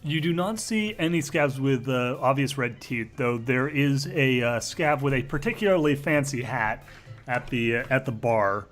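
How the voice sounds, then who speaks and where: A man's voice: mid-range voice, normal speed, fairly bright tone, soft background music. A man narrating a tabletop role-play as game master, rambling with lots of fillers and restarts.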